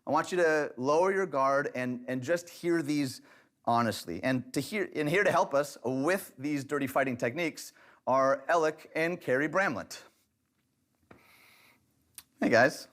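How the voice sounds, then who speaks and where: A man's voice: on the high side, unhurried, fairly bright tone. Man teaching a church relationship class. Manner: direct, lightly humorous, conversational teaching.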